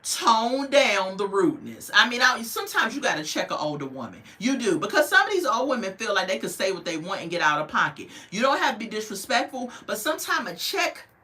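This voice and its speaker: Animated woman with bright, lively delivery. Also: mid-range voice. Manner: animated, talks to viewers as "y'all" and "baby"; mimics the people she discusses in quick quoted voices. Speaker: reality show reviewer. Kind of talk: casual commentary.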